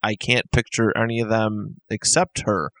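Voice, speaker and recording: A man co-hosting a casual wrestling podcast, offering measured, unhurried opinions. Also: on the low side, little pitch movement, fairly bright tone, dry recording. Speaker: podcast co-host.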